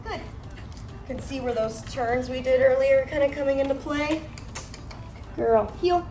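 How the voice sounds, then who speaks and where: A woman's voice: high voice, a little slow, warm tone, roomy sound, recorded from a distance, a little hiss or hum. A woman dog trainer giving a training demonstration outdoors, praising the dog and explaining to owners. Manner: praising, instructive, coaching. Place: outdoors on a driveway or street.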